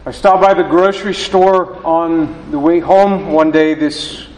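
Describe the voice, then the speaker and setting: A male pastor with a slightly high voice delivers his sermon slowly and deliberately, often restarting his phrases. His voice rings through a church sanctuary with a long, roomy reverb. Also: fairly even intonation, darkish tone, a little hiss or hum. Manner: slow, deliberate preaching with halting restarts. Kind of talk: sermon with scripture reading.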